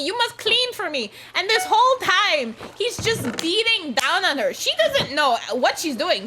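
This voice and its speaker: A young woman retelling a fairy tale in casual chat while gaming, animated, ranting and incredulous. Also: very high-pitched, a little hiss or hum. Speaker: storyteller and gamer.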